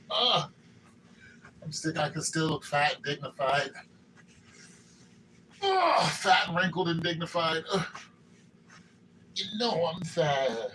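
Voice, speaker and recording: Playful self-mocking man, high lively voice. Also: takes it slowly, pauses often, recorded from a distance, a little hiss or hum, poor audio. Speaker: vlogger. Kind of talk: joking self-talk. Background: hip hop music.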